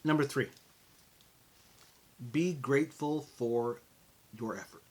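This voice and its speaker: A middle-aged American man hosting a motivational podcast, talking in an animated, conversational way and calling his listeners folks. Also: mid-range voice, slow. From United States. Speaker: podcast host.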